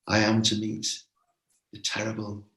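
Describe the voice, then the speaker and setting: A man's voice: fairly low pitch, completely flat delivery, measured pace, fairly bright tone, roomy sound, rough recording. A man voicing a weary young knight who talks earnestly about his duty. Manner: earnest and dutiful.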